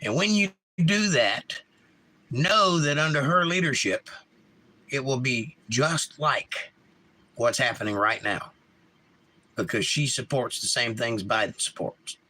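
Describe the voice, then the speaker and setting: Running a laid-back stream, this man talks slowly in an expressive, sharp, mid-range voice. He's opinionated and blunt, reading the chat out loud and talking back to his viewers.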